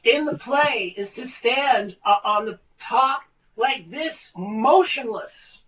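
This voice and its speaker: Slow, bright-voiced man telling stories. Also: extremely high pitch, distant mic, muffled recording, slight background noise. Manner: profane, animated. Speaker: guest. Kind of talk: casual storytelling.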